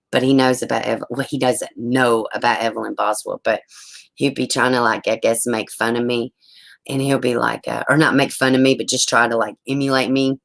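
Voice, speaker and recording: A woman, chatting on a true crime livestream from home, rambling, excitable and swearing often. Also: a bass voice, vocal fry, low-quality recording. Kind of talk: casual livestream chat.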